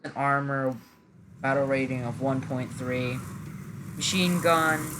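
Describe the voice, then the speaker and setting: A man's voice: mid-range voice, fairly even intonation, slow pace, background noise. A man hosting his gaming channel, giving casual, rambling gameplay commentary with many hesitant fillers.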